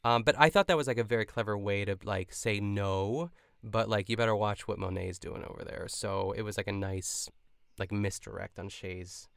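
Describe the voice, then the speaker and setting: A man's voice: lowish voice, normal speed, gravelly, fairly bright tone, clear, resonant tone, dry recording, studio quality. A young man co-hosting a podcast, recapping an episode in casual, chatty talk full of fillers and quoted lines. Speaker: podcast co-host.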